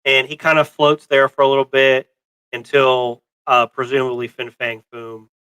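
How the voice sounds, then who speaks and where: A man's voice: mid-range voice, little pitch movement, normal speed, fairly bright tone, clear, resonant tone, no echo, low-quality recording. A man co-hosting a casual movie review chat, rambling with many fillers and restarts. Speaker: co-host of a pop culture show.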